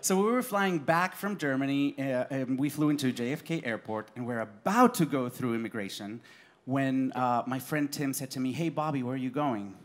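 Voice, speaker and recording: A man performing autobiographical cabaret storytelling on a live stage, animated and laughing through his lines. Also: mid-range voice, moderate pace.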